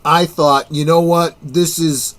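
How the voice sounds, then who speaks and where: A man's voice: a little high, little pitch movement, takes it slowly, a bit bright. A man hosting a casual watch-along film commentary, making wry, joking asides.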